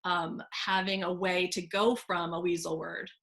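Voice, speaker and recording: A woman who works as a speech language pathologist, talking casually and acting out quoted voices with bright pitch jumps. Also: little pitch movement, measured pace, creaky. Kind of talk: casual conversation.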